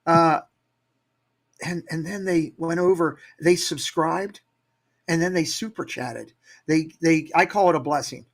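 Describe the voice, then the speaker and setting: A man's voice: a little high, measured pace. A man with an upbeat, motivational manner, telling stories as a guest in a casual interview. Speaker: guest, Disney YouTube creator.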